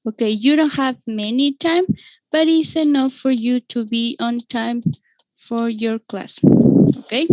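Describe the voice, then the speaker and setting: Woman, Mexican-accented English teacher, high voice, slow and patient, dry close sound. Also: darkish tone, dry recording, poor audio. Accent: Mexican Spanish. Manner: patient, repeats "okay?" to check understanding. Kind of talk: online class teaching.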